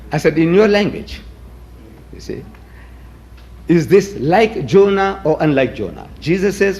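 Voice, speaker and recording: Brief: older man, emphatic debater with a fairly high voice who mocks opposing arguments. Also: darkish tone. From South Africa. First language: Gujarati. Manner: combative, rhetorical, mimics opponents, emphatic. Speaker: lecturer. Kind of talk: public debate lecture.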